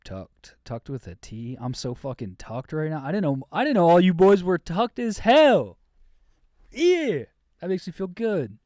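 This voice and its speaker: A man's voice: high-pitched, very animated, normal speed, dark tone, dry recording, studio quality. A man hosting a late-night call-in show, joking crudely and teasing his callers. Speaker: podcast host.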